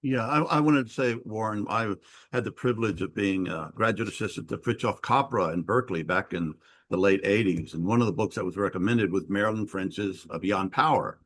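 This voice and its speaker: A man's voice: on the low side, fairly quick, fairly bright tone. A middle-aged man hosting a podcast interview, sharing personal reflections in an earnest way. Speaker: podcast host. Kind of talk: conversational interview.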